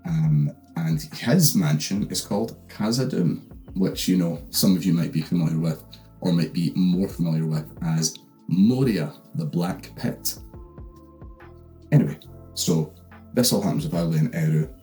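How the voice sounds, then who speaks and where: Deep-voiced Scottish man rambling comically. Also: unhurried, mellow, faint music behind. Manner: rambling, swearing, full of fillers. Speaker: host. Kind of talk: comedic book recap.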